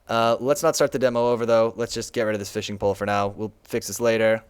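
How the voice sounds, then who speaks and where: A man's voice: on the low side, little pitch movement, fast talker, clear, resonant tone. A young man casually walking through his own game on a live stream, chatty and laughing often.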